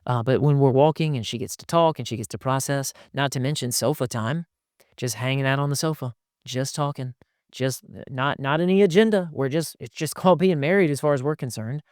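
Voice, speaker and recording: Animated man, dry sound. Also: medium pitch, a little fast, no echo. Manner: animated, acts out quoted lines in shifting voices. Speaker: podcast host. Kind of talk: casual podcast advice talk.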